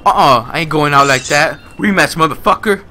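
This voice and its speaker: Frantic swearing young man, bright voice. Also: fairly high pitch, brisk, a little hiss or hum. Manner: yells and swears at the game, panting and cursing. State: out of breath and sweaty. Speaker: gaming YouTuber. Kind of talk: frantic let's-play commentary. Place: home desk at a computer.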